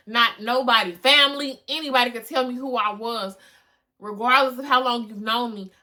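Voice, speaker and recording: Talking alone on her motivational podcast, a young woman uses a slightly high, bright voice with a forceful tone. Her delivery is emphatic and heartfelt, with repeated phrases for impact and offhand cursing.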